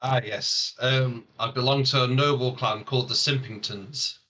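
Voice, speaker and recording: A man's voice: mid-range voice, steady tone, moderate pace, bright, forceful tone, recorded from a distance, natural voice. A man playing an earnest male paladin who talks stiffly and formally.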